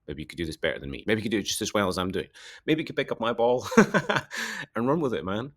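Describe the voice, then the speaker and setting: A man with a fairly low voice talks fast in a rambling solo monologue. His pitch swings widely as he bickers with himself in two voices. He jokes throughout and laughs often. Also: expressive, a bit bright. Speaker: local political candidate.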